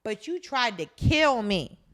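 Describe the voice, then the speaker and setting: A woman co-hosting a podcast, recapping a drama in casual chat, blunt and animated, swearing freely. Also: a little high, slow. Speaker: podcast co-host.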